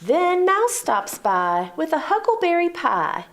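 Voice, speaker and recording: A woman volunteer reading a picture book aloud to children, expressive, and inviting them to join in. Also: very high-pitched, slow pace.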